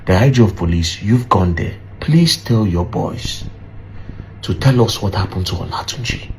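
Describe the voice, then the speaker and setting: A man's voice: on the low side, expressive, normal speed. A man making an impassioned, pleading appeal full of rhetorical questions. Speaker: commentator. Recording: faint background noise.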